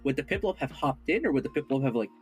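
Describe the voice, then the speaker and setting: A man's voice: mid-range voice, animated, fast talker, a little mellow, faint music behind. A man playing in a tabletop game, talking hesitantly with plenty of fillers. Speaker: player. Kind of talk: casual tabletop role-play.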